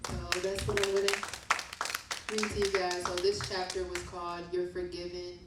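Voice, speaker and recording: A young woman reading her poems at a book release and chatting about them in a slow, soft, reflective way. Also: fairly low pitch, little pitch movement. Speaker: author reading her poetry. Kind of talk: poetry reading and casual chat. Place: event room at a book release show. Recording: very echoey room, distant mic, faint noise.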